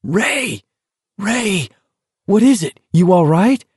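A man voicing an urgent young man who yells and pleads at a faltering friend, his voice raised, from an audiobook. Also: high-pitched, sing-song, slow pace, breathy edge, dry recording, studio quality, voice pushed up, full character voice.

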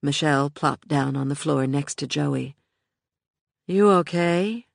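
An audiobook narrator giving measured, scripted narration. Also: mid-range voice, completely flat delivery, creaky, dry recording, clean studio sound. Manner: measured, unhurried reading.

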